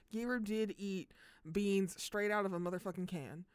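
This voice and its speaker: A woman's voice: mid-range voice, steady tone, normal speed, clean tone, no room sound. Bubbly, swearing woman game streamer. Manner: bubbly and chatty, swears freely, laughs often. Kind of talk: casual live-stream chat.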